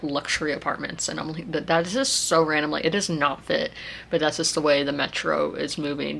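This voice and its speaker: A woman's voice: sits low, creaky, a bit bright. A woman, chatting casually in a rambling vlog. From South Carolina. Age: 20s. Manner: rambling, chatty, many fillers and restarts. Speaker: vlogger.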